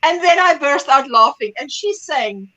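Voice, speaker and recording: Middle-aged woman host, bright high voice, animated chat, acts out the people in her stories. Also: normal speed, poor audio. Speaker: livestream host. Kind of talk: casual chat.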